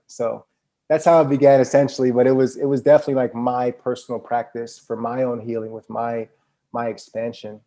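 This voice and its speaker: Young guy on a podcast, gravelly low-key voice, chill slangy storytelling. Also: level tone, a little fast, dark tone. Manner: laid-back, slangy storytelling. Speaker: podcast guest. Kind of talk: casual conversation.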